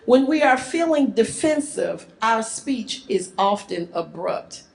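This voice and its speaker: A woman teaching a live seminar on communication in marriage. Her fairly high voice swoops up and down as she acts out short dialogues, and she keeps an unhurried pace. Her delivery is playful and animated. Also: vocal fry.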